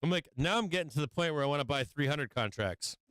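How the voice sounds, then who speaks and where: Smooth-voiced man on a trading stream. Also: fairly high pitch, animated, fast talker, a bit bright, no room sound, poor audio. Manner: profane, venting frustration, laughing at himself; rambling with fillers and restarts. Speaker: livestream stock trading host. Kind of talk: casual live-stream market talk.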